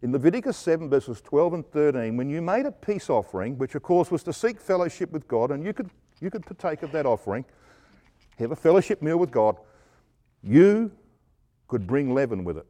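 This middle-aged man's voice sits on the high side as he preaches, very animated and slightly fast. His Bible exposition is emphatic, full of rhetorical questions, and veers from loud stresses to whispered asides.

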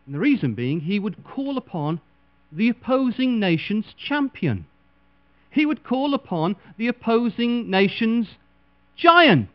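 Man preacher, animated and dramatic, fairly high voice, lo-fi recording with mains hum. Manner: dramatic, voices quoted figures with big swings in pitch and loudness. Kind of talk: sermon.

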